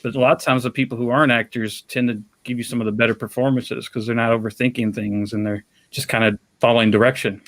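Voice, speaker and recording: A man from Kentucky hosting a casual interview as a fellow filmmaker, chatty and quick to laugh. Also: mid-range voice, level tone, fairly bright tone, dry recording.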